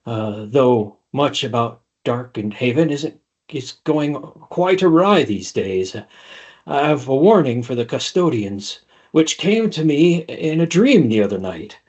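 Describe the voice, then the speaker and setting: A man voicing a troubled woman seer from a former circus troupe, speaking slowly and hesitantly. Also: medium pitch, very animated, darkish tone, slightly rough, muffled recording. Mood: uneasy.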